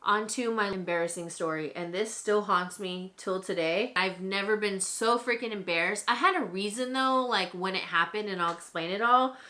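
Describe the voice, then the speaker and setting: A woman's voice: mid-range voice, moderate pace, few pauses. A young woman telling a story in a chatty way, with many fillers, while she does her makeup at home. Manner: chatty and animated, with lots of "like" fillers. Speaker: beauty vlogger.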